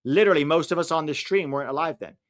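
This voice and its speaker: A man's voice: a little high, rapid-fire. A man hosting a live watch-along stream, giving casual, opinionated commentary and reacting to the play as it happens. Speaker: livestream watch-along host.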